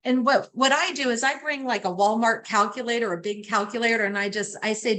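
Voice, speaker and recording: In this real estate sales class, the instructor is a woman whose fairly high voice has fairly even intonation and a fairly bright tone, and she talks a little fast. Her lecture mixes coaching with role-played client scripts, and she checks in with the class by asking questions.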